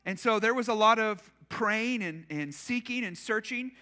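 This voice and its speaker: A man's voice: high-pitched, normal speed, sharp tone. A male pastor preaching a sermon in a church, telling personal stories in a conversational, self-deprecating way. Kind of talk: storytelling sermon.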